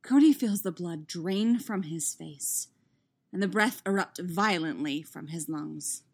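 A woman reading fan fiction aloud in a steady, expressive narration. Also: fairly low pitch, a little slow, breathy edge. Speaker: audiobook reader.

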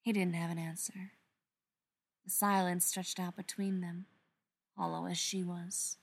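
Woman reading a story with a gravelly voice. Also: lowish voice, unhurried. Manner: expressive storytelling. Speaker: narrator. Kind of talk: reading fan fiction aloud.

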